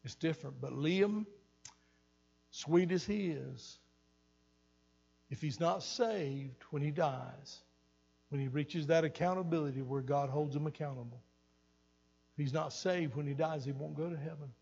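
A man's voice: a little high, unhurried, vocal fry, pauses often, a little mellow, husky, muffled recording. An older man pastor preaching an earnest sermon, repeating phrases for emphasis, recorded in a church hall. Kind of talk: sermon teaching. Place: church sanctuary.

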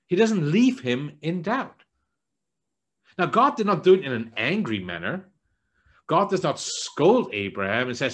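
This church elder preaches earnestly at a normal speed, his pitch swinging widely. He frequently repeats words while feeling for his phrasing, and his voice turns soft and low on quoted lines.

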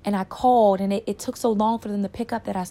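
A woman telling a personal story in a candid, reflective way, pausing and repeating words for emphasis. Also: medium pitch, steady tone, dark tone. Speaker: storyteller sharing a personal experience.

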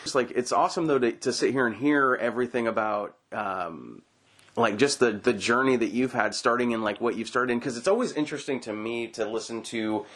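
A man's voice: medium pitch, a little fast, fairly bright tone. A man hosting a podcast interview, asking questions and cracking playful, rambling jokes. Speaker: podcast host. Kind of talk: casual interview chat.

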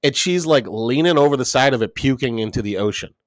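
A man's voice: medium pitch, animated, fast talker, no room sound. Rambling, profane man telling stories. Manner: rambling, profane, full of "like" and quoted dialogue. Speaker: podcast co-host. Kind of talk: casual storytelling chat.

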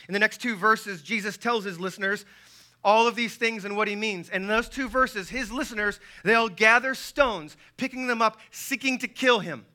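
A male pastor preaching a sermon, yelling with emphatic, repetitive phrasing. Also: high voice.

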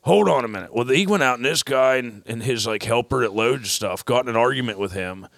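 Podcast host, male, gravelly and forceful, dry close mic, casual rambling storyteller. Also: medium pitch, fairly quick, no room sound. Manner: rambling anecdote with quoted voices, animated.

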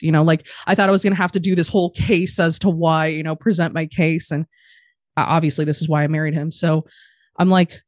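A woman's voice: low voice, little pitch movement, moderate pace, no room sound. Woman guest, blunt, swears a lot, dry close sound. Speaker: podcast guest. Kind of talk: casual interview talk.

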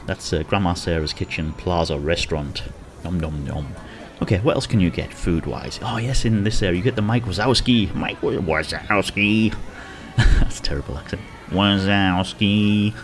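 Deep-voiced chatty man touring outdoors. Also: darkish tone. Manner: chatty, rambling, chuckles often. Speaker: theme park vlogger. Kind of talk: casual walking tour commentary. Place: outdoors in a theme park.

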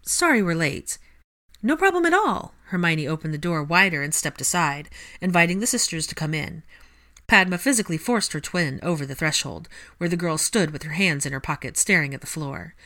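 A woman narrating a fan fiction chapter in a steady, measured storytelling manner. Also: low-pitched. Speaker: audiobook reader.

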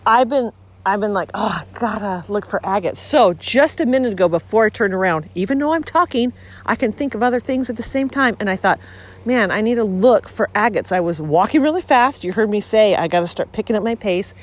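A woman hosting a podcast as she walks along a beach, talking casually with lots of ums and bursts of excitement. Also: medium pitch, fairly quick. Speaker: podcast host. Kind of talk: casual walking monologue. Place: outdoors on a beach.

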